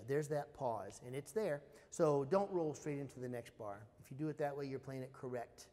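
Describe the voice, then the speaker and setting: A man, a percussion lecturer, teaching snare drum études in a relaxed spoken style, singing out rhythms with scat syllables. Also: mid-range voice, brisk, hardly any pauses, long reverb tail. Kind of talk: spoken music instruction.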